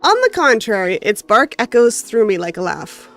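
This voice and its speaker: Reading a visual novel aloud with expression, a woman with a North American accent chats casually with her stream in between. Her fairly bright voice sits on the high side with big pitch swings at a normal speed, and faint music plays behind.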